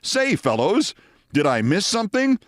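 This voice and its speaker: A genial old-fashioned producer with a folksy, jovial greeting, pitched higher than the speaker's own voice, as a storyteller puts him on. The sound is dry and close. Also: male voice, sing-song, moderate pace, dry recording. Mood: puzzled.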